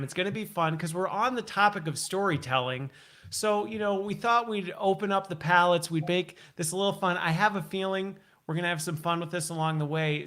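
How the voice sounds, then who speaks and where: A man hosts a live online show in a casual, upbeat way. His voice sits a little high for a man, and he laughs often and teases his guest. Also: a bit bright. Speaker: host. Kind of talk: casual livestream chat.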